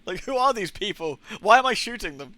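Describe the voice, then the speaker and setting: Young adult man, game streamer, casual rambling chat, swears a lot, bright tense tone, dry close sound. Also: high-pitched, sing-song, brisk, dry recording. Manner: rambling and profane, incredulous rants. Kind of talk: casual live gaming stream chatter.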